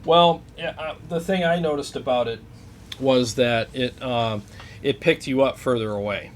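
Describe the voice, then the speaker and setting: A co-host on a casual live stream, relaxed and joking, asking follow-up questions. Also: medium pitch, measured pace, slight background noise. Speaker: co-host, gear reviewer.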